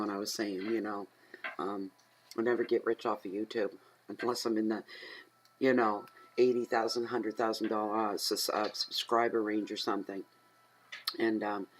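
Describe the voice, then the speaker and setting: A middle-aged woman from Atlantic Canada, a tarot reader who rambles and chats casually at home, talking aloud to herself and getting easily excited. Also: rumbling low, fairly quick, rough recording. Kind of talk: casual chatty tarot reading.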